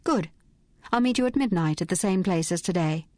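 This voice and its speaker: A woman voicing a glamorous, fearless young woman detective who talks crisply and with assurance. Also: lowish voice, animated, brisk, darkish tone, no room sound, studio quality, close to an everyday voice. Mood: brisk.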